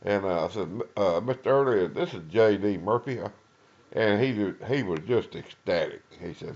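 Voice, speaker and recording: An older man with an East Texas Southern accent telling an oral-history story, halting with many uhs and acting out what people said. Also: fairly low pitch, lively intonation, darkish tone, muffled recording. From East Texas, USA. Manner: rambling, halting with many uhs, acts out quoted dialogue. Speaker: retired lawman and Vietnam veteran telling his story.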